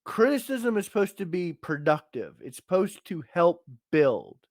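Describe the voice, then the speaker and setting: A man's voice: high-pitched, sing-song, moderate pace, no room sound, studio quality. A man co-hosting a podcast, talking in a blunt, emphatic and profane way as he rants about tough love. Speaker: podcast co-host. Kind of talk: casual opinionated podcast chat.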